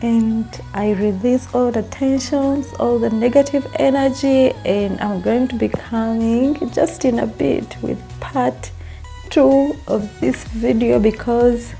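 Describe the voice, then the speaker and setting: A woman's voice: on the high side, steady tone, slow pace, vocal fry, mellow, soft background music. A young woman records a personal vlog, talking through tears and apologizing as she breaks down. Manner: tearful, breaking down. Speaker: vlogger.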